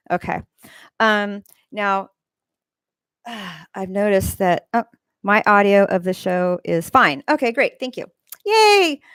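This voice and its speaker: A woman's voice: mid-range voice, smooth, dry recording. A woman hosting a casual livestream from home, reading viewers' comments aloud and rambling between asides. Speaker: livestream host. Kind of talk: casual live-stream chat. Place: home room with a fan running. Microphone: desk microphone.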